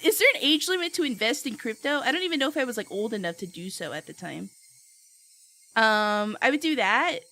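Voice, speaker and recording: Giggly high-pitched young streamer woman. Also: expressive, brisk. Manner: giggly and playful, reacting loudly to chat. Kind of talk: casual live-stream chat.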